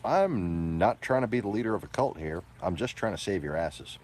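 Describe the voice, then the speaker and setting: Husky low-voiced man ranting. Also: lively intonation, normal speed. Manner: profane, combative, swinging from low mutters to loud outbursts. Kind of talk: ranting monologue to camera.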